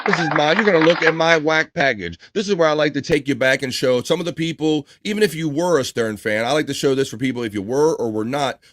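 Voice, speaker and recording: A man's voice: fairly high pitch, fast, few pauses, fairly bright tone. A man hosting a casual talk stream, chatting loosely and laughing often as he plays old clips. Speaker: host.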